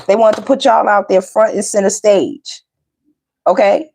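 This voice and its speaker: A woman's voice: medium pitch, measured pace, creaky, a little mellow, slight background noise. Chatty woman giving a tarot reading. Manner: chatty, talks straight to viewers, laughs often. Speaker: tarot reader. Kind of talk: casual tarot reading chat.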